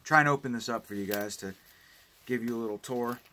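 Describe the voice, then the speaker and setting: Fairly quick and forceful, this man's bright mid-range voice carries over slight background noise. He's a home video collector vlogger ranting and rambling through a casual unboxing review of home video releases, swearing a lot.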